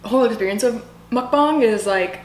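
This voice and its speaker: Eager follow-up questions come from a young woman co-hosting a laid-back eating show, speaking at a moderate pace in a voice on the high side. It's recorded indoors in an echoey room with slight background noise.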